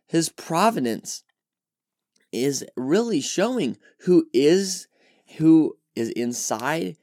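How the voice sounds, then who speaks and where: Male podcast teacher, lively pitch, dead-dry close recording, emphatic delivery. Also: no room sound. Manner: earnest and emphatic, voices quoted reactions with animation. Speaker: podcast host teaching scripture.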